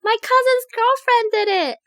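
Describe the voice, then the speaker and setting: A scared little girl blurts out her excuses in a high, squeaky voice, as a woman acts her out. The tone is bright and pushed hard. It is recorded dry and close. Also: steady tone, moderate pace, dry recording. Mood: protesting. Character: panicky young girl blaming someone else.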